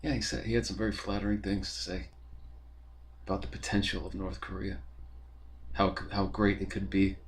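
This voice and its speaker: A man's voice: deep voice, level tone, brisk, long pauses. A young man, talking in a rambling, profane, casual monologue full of fillers as a podcast host.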